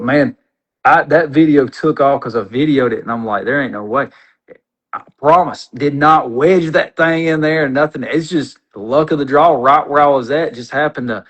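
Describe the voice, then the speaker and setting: A man's voice: mid-range voice, moderate pace, low-quality recording. Folksy man telling a story. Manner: animated, rambling, folksy. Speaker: podcast guest. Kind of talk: casual storytelling.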